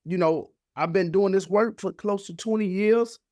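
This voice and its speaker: A man's voice: sits high, normal speed, darkish tone, no echo, studio quality. A man, a podcast guest, telling an emotional personal story in casual, heartfelt speech. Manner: casual, heartfelt, acts out voices of family in his story.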